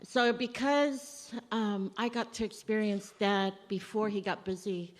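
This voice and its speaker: Woman, eulogy at a family service, conversational storyteller, mid-pitched, long church reverb. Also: steady tone, measured pace. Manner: conversational storytelling, acting out remembered dialogue. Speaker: daughter giving a eulogy.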